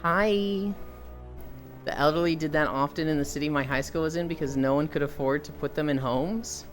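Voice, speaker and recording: A woman's voice: low voice, normal speed, faint music behind. A woman streamer chatting with viewers, telling stories, swearing freely and acting out the people in them. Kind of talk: casual chat with viewers.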